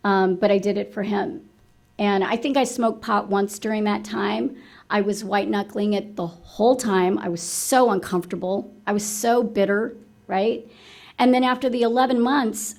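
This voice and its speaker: A woman speaking at a recovery meeting, telling her story frankly and with self-mocking humor, often checking in with a quick "right?". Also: on the high side, a little mellow. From United States. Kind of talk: candid personal testimony.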